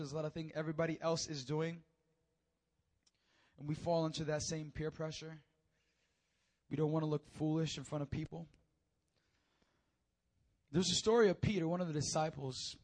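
A man preaching a sermon, telling stories with animated energy and stammered repeats. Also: on the high side.

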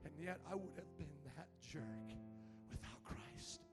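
A man in his thirties preaching a sermon in church, swinging from soft, choked-up storytelling to loud, shouted exhortation. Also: expressive, a little slow, over loud music. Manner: preaching with big emotional swings, shouting high when fired up. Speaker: pastor. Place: church sanctuary.

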